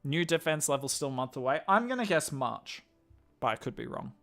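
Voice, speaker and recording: Australian man, live streamer, casual chatty talk, bright forceful voice, slightly high pitch. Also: sing-song, brisk, gravelly, faint music behind. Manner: chatty, answers chat questions, thinks aloud. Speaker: game streamer and commentator.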